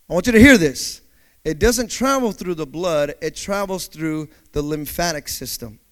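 A man with a notably high-pitched voice preaches to his congregation. He swings from calm, low explanation to loud call-and-response, throwing in quick acted voices of panicked people. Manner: dynamic preaching, swinging from quiet to shouted call-outs. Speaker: pastor. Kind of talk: sermon.

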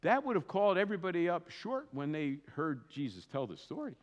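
A man preaching a sermon as a pastor, in a conversational, animated way with asides. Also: fairly high pitch, brisk, hardly any pauses, in a large hall, lo-fi sound. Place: church sanctuary.

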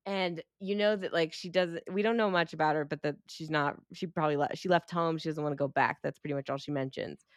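A woman's voice: sits low, steady tone, fast talker, few pauses, dry recording, studio quality. Profane, enthusiastic woman podcast co-host. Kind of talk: casual chat.

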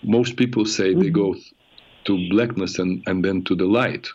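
A man hosting a call-in advice show, speaking earnestly and reflectively with frequent halting restarts. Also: low voice, fairly even intonation, a little mellow. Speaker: radio show host and therapist. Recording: muffled radio broadcast sound.

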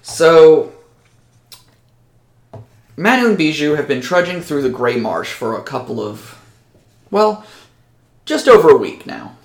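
A man hosting a podcast and narrating a tabletop game as game master, in a lively storytelling manner. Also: a little high, slow, long pauses, reverberant.

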